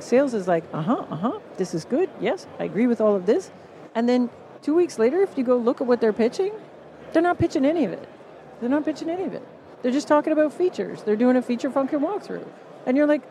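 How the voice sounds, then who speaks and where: Mellow-voiced Canadian woman telling stories. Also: medium pitch, slight background noise. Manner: animated storyteller, acts out quoted reactions. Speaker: guest author and positioning consultant. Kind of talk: conversational interview on a podcast stage. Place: live podcast stage at a conference.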